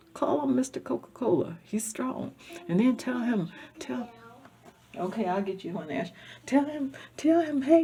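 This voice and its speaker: A husky-voiced woman rambles through a tearful personal vlog, circling back on the same phrases. Her low, mellow voice swings from loud declarations to soft near-whispers as she talks. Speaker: vlogger.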